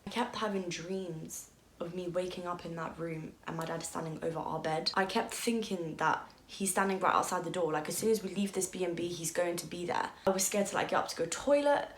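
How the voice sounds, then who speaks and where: A woman's voice: on the low side, brisk, a little hiss or hum. A young woman telling a personal story on her vlog, candid and emotional, peppered with "like" and the odd swear. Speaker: vlogger. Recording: echoey room.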